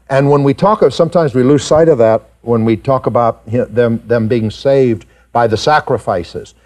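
A man preaching a sermon to his congregation, animated and rising high in pitch when he acts out doubters. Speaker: pastor. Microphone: pulpit mic recorded for tape.

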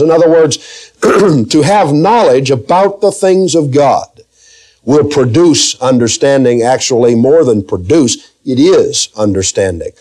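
A man preaching a verse-by-verse Bible teaching sermon, emphatic, slowing down to read scripture aloud and asking the congregation questions. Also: on the high side, dark tone.

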